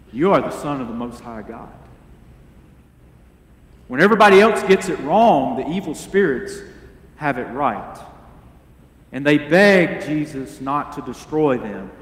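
A man preaching a sermon as pastor, earnest and deliberate, asking the congregation rhetorical questions. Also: on the high side, roomy sound, long reverb tail. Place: church sanctuary.

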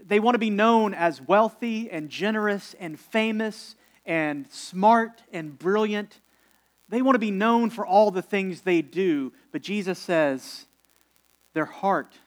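This is a male pastor delivering a sermon in a fairly high voice. His tone with the congregation is easygoing and chatty, and he lingers on important words with slow, careful pauses and the occasional um.

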